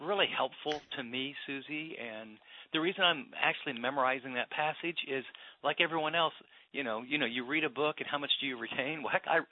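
Middle-aged male pastor guest, earnest and reflective, many restarts, average pitch, phone-line sound. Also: a little fast, no room sound. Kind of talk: radio interview conversation.

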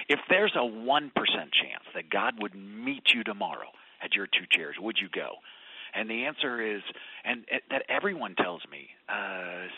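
Man, author guest, animated storyteller, lively pitch, husky voice, tinny phone line. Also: dry recording. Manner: animated, telling stories and acting out quotes. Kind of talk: radio interview by phone.

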